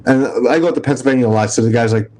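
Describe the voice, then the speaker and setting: A man's voice: medium pitch, steady tone, racing, a little mellow. A middle-aged man with a New York accent, a retired police officer hosting a casual stream, telling blunt, profane stories and acting out the dialogue. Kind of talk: casual live-stream chat.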